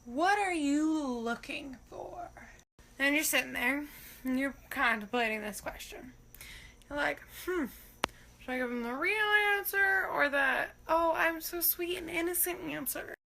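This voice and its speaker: A young woman with a high, bright voice doing a comic monologue. She talks casually, swears freely and acts out her inner thoughts in quick asides. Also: vocal fry. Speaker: comedian.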